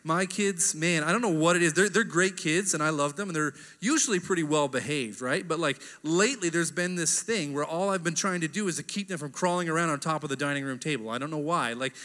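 A man's voice: on the high side, fairly quick, hardly any pauses, fairly bright tone. A man in his thirties preaching a casual, conversational sermon, often asking "right?" as he talks. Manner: chatty, keeps asking "right?". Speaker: pastor. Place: church hall. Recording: reverberant church hall.

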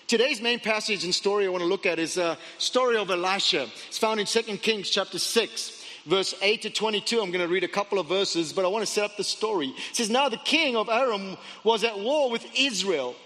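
Animated preacher with a high, bright voice. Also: male voice, fast talker, big-room sound. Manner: animated storytelling, dramatic asides, stammering restarts. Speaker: pastor. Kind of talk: sermon.

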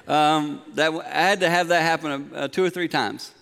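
A middle-aged man, preaching a sermon in a large church, moving from quiet storytelling to emphatic points. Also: on the high side, fairly even intonation, normal speed, gravelly, few pauses, slight background noise. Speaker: pastor. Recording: long hall reverb.

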